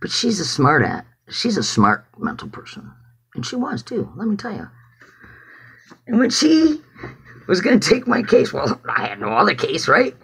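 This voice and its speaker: Husky, bright-voiced man telling a story. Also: high-pitched, wildly swooping pitch, moderate pace. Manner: rambling, swears freely. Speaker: activist giving testimony. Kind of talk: casual personal storytelling.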